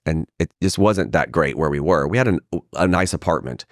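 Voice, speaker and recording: A middle-aged male actor guesting on a podcast, telling stories in a lively, casual way and acting out what other people said. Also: a bass voice, brisk, dry recording, clean studio sound. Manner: animated storyteller who acts out quoted voices. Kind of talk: casual anecdotal storytelling. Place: podcast studio.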